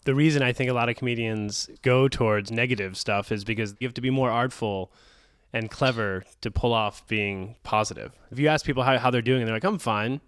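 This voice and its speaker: A man's voice: medium pitch, fairly quick, a bit bright, clear, resonant tone, no echo. A man hosting a radio talk show who chats and jokes with his guest. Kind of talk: casual radio interview.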